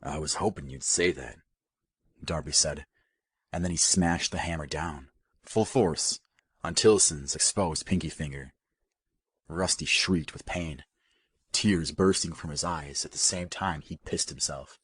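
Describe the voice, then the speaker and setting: A male audiobook narrator with an extremely low, husky voice. He reads steadily and evenly, and the recording is close and dry. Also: measured pace, a bit bright, no echo. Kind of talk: scripted narration.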